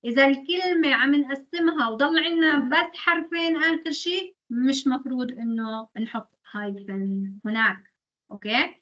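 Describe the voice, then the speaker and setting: Recorded with muffled sound, this high-voiced, slightly bright woman teaches a university translation lecture on English. A native Arabic speaker, she moves between the two languages and lays out rules one step at a time.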